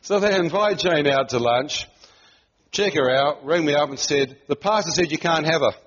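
Animated and quick to laugh, a middle-aged New Zealand preacher acts out quoted voices while sharing a personal story from the pulpit. His pitch is a little high and his speed normal, with the audio muffled and lo-fi.

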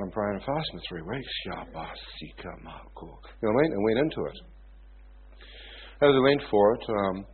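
A man from New preaching, telling stories in an animated way and often asking his listeners if they follow. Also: lowish voice, breathy edge. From New Zealand. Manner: animated storytelling, often asks "you know what I mean?". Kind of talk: sermon storytelling. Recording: tinny phone-like sound.

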